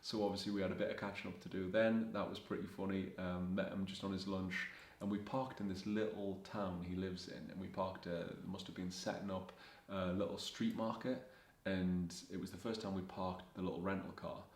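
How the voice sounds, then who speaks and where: Deep, flat-voiced young man. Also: moderate pace. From Scotland. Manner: rambling anecdotes, quoting himself and others. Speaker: fashion vlogger. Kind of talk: casual storytelling. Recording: echoey room.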